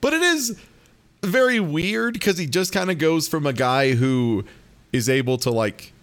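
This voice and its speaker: A man's voice: on the high side, expressive, unhurried, a bit bright. A man co-hosting a podcast, recapping a TV episode with wry, hesitant asides. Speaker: podcast co-host. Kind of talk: casual chat recapping a TV episode.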